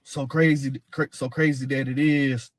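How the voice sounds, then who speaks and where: The father of a missing woman's child gives a casual first-person account in a medium-pitched, flat voice at a moderate pace. He's blunt and heated, swearing and repeating himself.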